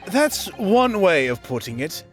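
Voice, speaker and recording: A man's voice: high voice, sing-song, measured pace, faint music behind. A man voicing a young male defence lawyer, questioning in a dry, wry way.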